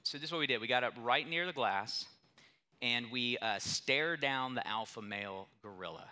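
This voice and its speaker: A man's voice: medium pitch, moderate pace, sharp tone, clear, resonant tone. A young adult male pastor preaching a sermon, telling a story with emphatic, building intensity.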